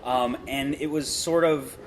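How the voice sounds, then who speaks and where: A man's voice: medium pitch, steady tone, unhurried. Rambling self-deprecating male director. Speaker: film director and co-writer. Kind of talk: casual interview answers. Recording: noisy background ambience.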